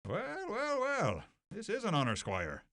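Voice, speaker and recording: A man's voice: high-pitched, wildly swooping pitch, unhurried, pushed and bright, slight background noise, exaggerated voice. A man voicing a middle-aged fisherman father in a studio game, speaking in a folksy, hearty way.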